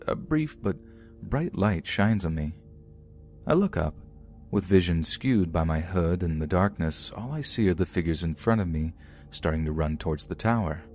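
A low-voiced man, acting as podcast narrator, reads aloud true scary stories people have submitted, keeping a measured, steady first-person delivery.

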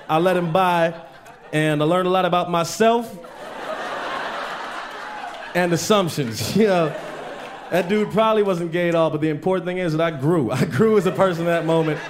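A man performs stand-up comedy on stage with a fairly high voice. He tells long stories and jumps into loud, raised voices for the people in them. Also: slight background noise. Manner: storytelling, acts out characters in raised voices. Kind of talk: stand-up set. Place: comedy stage with live audience.

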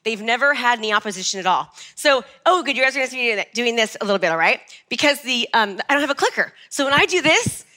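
A woman's voice: fairly high pitch, lively intonation, fast talker, hardly any pauses, bright, forceful tone. A woman in her forties giving a chatty, nervous motivational talk on stage to a live audience. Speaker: motivational speaker.

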